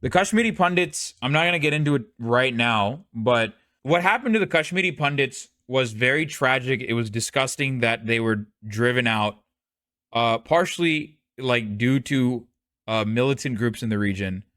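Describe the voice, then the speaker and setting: A man streaming and telling a story in casual commentary, animated, profane and rambling. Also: mid-range voice, normal speed, dry recording, clean studio sound.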